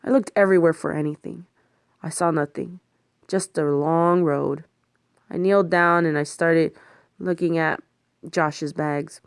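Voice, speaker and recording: A woman's voice: sits low, normal speed, clear, resonant tone, dry recording, clean studio sound. A woman reading a first-person thriller audiobook aloud, voicing the other characters herself. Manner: lively, voices the other characters and swears in the heat of the story. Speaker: audiobook narrator. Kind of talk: first-person story narration with character voices.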